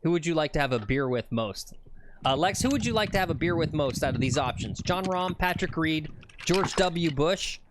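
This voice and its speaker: A man's voice: fairly high pitch, lively intonation, normal speed, noisy background. A man co-hosting a golf livestream from the course, joking around and reading viewer comments. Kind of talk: casual chat.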